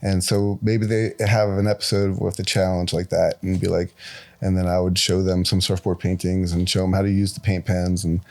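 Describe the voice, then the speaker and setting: A man in his forties chats as a podcast guest, telling stories about his work. He talks in a loose, animated way and raises his voice when he acts out what people said. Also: deep voice, normal speed, vocal fry. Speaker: guest tattoo artist. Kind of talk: casual podcast storytelling.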